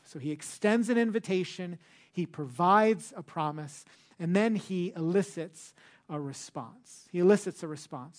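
A man preaching a sermon in a high, light voice. He talks to the congregation in a chatty, emphatic way and doubles back on his own phrases as he builds a point. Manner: conversational and emphatic, repeats phrases, frequent "like". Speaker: pastor.

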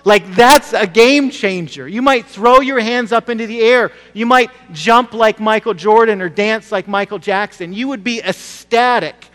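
A man's voice: high voice, a little slow, fairly bright tone, in a large hall. A man preaching a sermon in a conversational, emphatic way, repeating key phrases and asking the congregation rhetorical questions. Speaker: pastor.

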